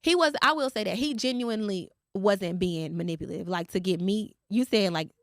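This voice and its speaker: A woman podcast host, telling a story in casual chat and quoting others in a lowered voice. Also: fairly quick, no echo, studio quality.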